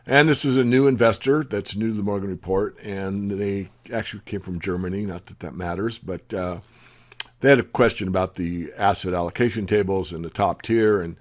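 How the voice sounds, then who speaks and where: A man with a very low voice reads out news items and breaks off to comment on them. He drops his pitch and volume at the ends of phrases, and his asides come across as blunt and opinionated. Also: fairly quick. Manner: opinionated asides between read-out headlines. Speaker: newsletter host.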